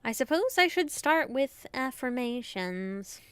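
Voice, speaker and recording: A woman streamer commenting on a game as she plays, excitable and quick to laugh and swear. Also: sits high, clean tone, dry recording.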